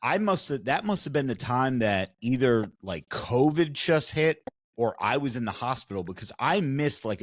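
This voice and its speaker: A man's voice: lowish voice, no echo, clean studio sound. A man in a casual podcast chat, rambling and hesitant, full of fillers.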